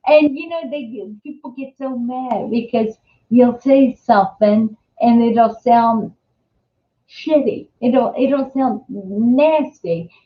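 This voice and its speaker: An older woman with a New Jersey accent hosting a casual live-stream chat, rambling and chatty with many restarts. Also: on the high side. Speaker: host. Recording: echoey room, dull lo-fi sound.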